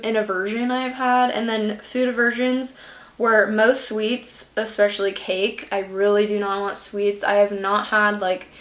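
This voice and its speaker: A woman's voice: mid-range voice, echoey room. A young woman vlogging a casual update from home, chatty and rambling with lots of fillers, her nose a bit stuffy. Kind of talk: casual pregnancy update vlog. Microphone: camera at close range under a ring light.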